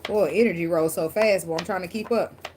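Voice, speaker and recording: This tarot reader has a fairly low, darkish voice and speaks a little fast against slight background noise. Addressing viewers directly, she reads casually and bluntly, with lots of profanity and laughter.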